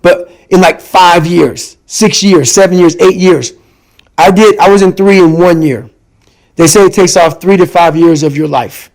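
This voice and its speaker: Guy with a highish voice, intense, keeps repeating himself to hammer the point, guest on a podcast. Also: unhurried, rough recording. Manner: emphatic and repetitive, hammering points home. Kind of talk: intense personal storytelling in conversation.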